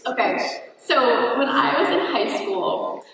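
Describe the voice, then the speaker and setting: A woman's voice: a little high, animated, slow. A woman being interviewed as an author at a live book event, rambling and laughing in casual chat. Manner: rambling, full of "like", laughing often. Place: large hall at a live event. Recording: echoey hall, from far off, background noise.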